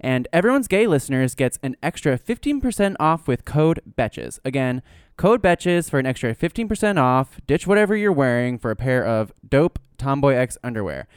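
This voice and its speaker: A man talks on a podcast in a loose, rambling way, with "like" dropped into nearly every line. His voice comes through smooth and clean. The recording is dry and close. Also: medium pitch, big pitch swings, moderate pace, no echo. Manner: chatty, lots of "like" fillers. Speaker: podcast co-host. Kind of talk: casual podcast chat and host-read ad.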